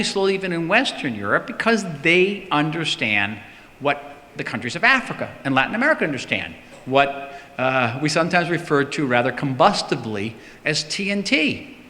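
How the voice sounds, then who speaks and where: A man's voice: on the high side, sing-song, normal speed, sharp tone. Emphatic man speaking in a reverberant hall. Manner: emphatic, repeats words for stress. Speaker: politician answering audience questions. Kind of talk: public talk with Q&A. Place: synagogue hall.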